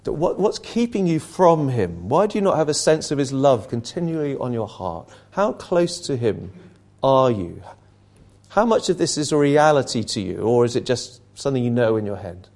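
A man's voice: mid-range voice, very animated, moderate pace, a little mellow. A man preaching an impassioned sermon, asking rhetorical questions and repeating phrases for emphasis.

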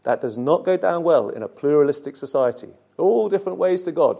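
A man's voice: fairly high pitch, expressive, moderate pace, gravelly, dark tone. A man preaching a sermon, speaking earnestly and directly to his listeners with rhetorical questions and occasional repeated words.

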